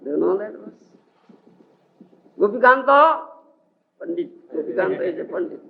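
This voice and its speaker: A man's voice: high-pitched, moderate pace, creaky. Man, spiritual lecture, keeps asking if listeners follow, swooping voice, dull lo-fi tape with faint hiss. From India. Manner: animated, keeps checking with listeners. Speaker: spiritual teacher. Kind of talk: scripture lecture. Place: lecture hall.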